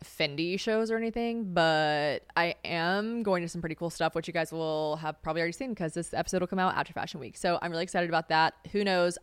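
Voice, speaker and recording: A young woman from South Carolina chats by herself on her podcast, gossiping with plenty of attitude, laughing often and swearing freely. Her slightly low voice is smooth and clean, and the close, dry recording has no room sound.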